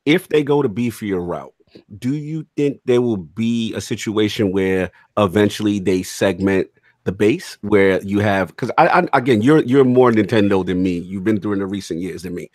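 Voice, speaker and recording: A man's voice: on the low side, normal speed, dry recording, clean studio sound. A man hosting a gaming podcast, quizzing his co-hosts in casual chat. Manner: lively, quizzing guests, frequent mm-hmm. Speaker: podcast host.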